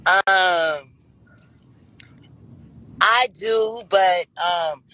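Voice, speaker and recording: A woman's voice: on the low side, very slow, bright, forceful tone, low-quality recording. A woman in her fifties answering interview questions as a guest, brash and self-assured, drawling and repeating her points. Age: 50s. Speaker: guest on a dating talk show.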